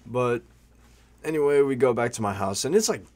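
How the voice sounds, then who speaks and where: A man's voice: medium pitch, expressive, moderate pace, darkish tone. A young man telling a story in a casual vlog, rambling and slangy, full of "like" and "bro", swearing freely.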